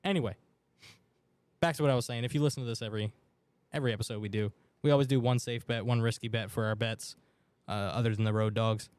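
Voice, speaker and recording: A man co-hosting a sports betting podcast in a radio studio, chatting casually and excitably. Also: medium pitch, quick pace, clean tone, no echo. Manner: excitable, chatty, loud outbursts for his team. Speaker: podcast co-host. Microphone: studio mic.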